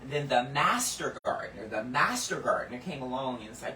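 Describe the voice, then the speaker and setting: A woman giving sermon-style Bible teaching, earnest and emphatic, lifting some lines high and dropping others low and hushed. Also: sing-song, brisk, reverberant, distant mic, slight background noise, low-quality recording.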